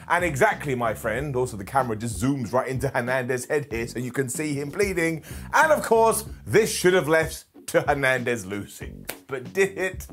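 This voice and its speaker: A man giving a comedic, sarcastic retro review of a wrestling show, animated and laughing at his own jokes. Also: fairly high pitch, fairly quick, soft background music.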